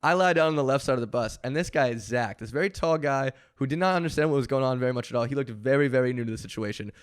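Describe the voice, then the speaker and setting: Young man, podcast host, casual animated storyteller who acts out quotes. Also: mid-range voice, quick pace, smooth. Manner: animated, acts out quoted voices, laughs often. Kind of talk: casual storytelling among friends.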